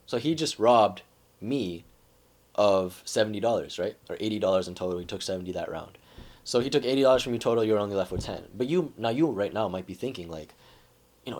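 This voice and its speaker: Husky, low-voiced man explaining casually. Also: animated, brisk, a little mellow. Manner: conversational, says "right?" and "like" often. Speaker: self-help vlogger.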